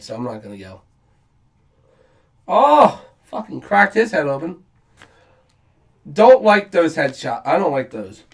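A man giving casual reaction commentary in an unhurried drawl, his pitch swinging widely between low mutters and high outbursts. He talks bluntly, swears freely and fills gaps with "um". His voice sits a little back from the mic. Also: far from the mic. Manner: profane, blunt, with frequent fillers. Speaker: reaction video host.

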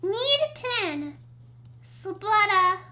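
A woman's voice: very high voice, animated, drawn-out words, sharp tone. A young woman giving bubbly, gushing let's-play commentary while she plays a video game. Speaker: gaming video creator.

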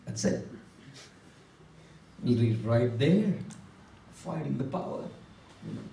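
A man's voice: a little high, slow pace, gravelly, pauses often, mellow, far from the mic, a little hiss or hum. Emphatic man speaking in an echoey hall. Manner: emphatic, repeats key words, questions the audience. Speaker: monk giving a motivational talk. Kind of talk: motivational talk to a live audience. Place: hall with a live audience.

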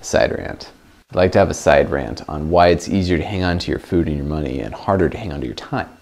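A man's voice: a bass voice, quick pace, darkish tone. A young man giving casual self-help advice in a vlog, playful and self-mocking. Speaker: vlogger. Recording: music playing underneath.

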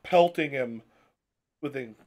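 A man running a tabletop heist game as game master, narrating in a halting way with many restarts and swearing when surprised. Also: mid-range voice, darkish tone.

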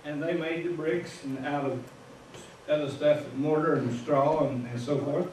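A man with a Midwestern American accent gives an informal sermon in a church sanctuary, telling his story in a folksy way and chuckling at his own asides. His voice is a little high, steady, a little slow and darkish, with slight background noise. He sits far from the mic in an echoey room.

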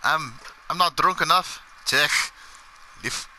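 Brief: high, sharp-toned male gamer, excitable and swearing, casual chat. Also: a little slow, a little hiss or hum, rough recording.

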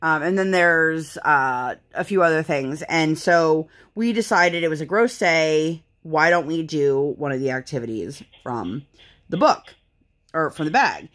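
A woman in her thirties with a low voice chats away while she works on a craft. She rambles candidly and vents her frustration, sighing now and then. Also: animated, a little slow, fairly bright tone. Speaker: vlogger and mother. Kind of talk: casual chat while crafting.

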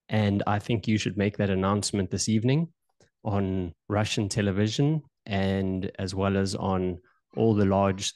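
Male host, improvised role-play, low-ish voice, hesitant, dry close sound. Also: a little mellow, no room sound. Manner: hesitant, loose, repeats words; voicing a well-known politician in his own voice.

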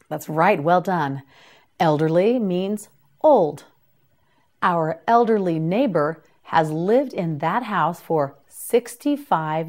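A woman leads a scripted vocabulary lesson for beginners, sounding each word out with patient, deliberate care. Her voice sits a little low, and she moves at an unhurried, drawn-out pace. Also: darkish tone. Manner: slow, careful, repeats each word for learners to echo. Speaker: English teacher.

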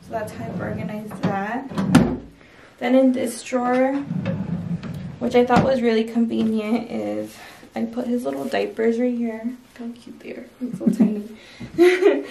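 A woman's voice: fairly high pitch, creaky, roomy sound, far from the mic, noisy background. A young woman casually showing her baby's nursery in a chatty, rambling way, full of "like" and "um". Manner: chatty, filler-heavy, with frequent "like" and "um". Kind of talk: casual home tour chat. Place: indoors in a home nursery.

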